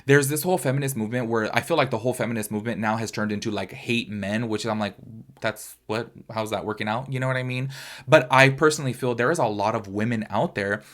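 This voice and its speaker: A man's voice: medium pitch, fast talker, a bit bright. A young man hosting a casual pop-culture podcast, chatty and opinionated, often calling his listeners "y'all". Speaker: podcast host.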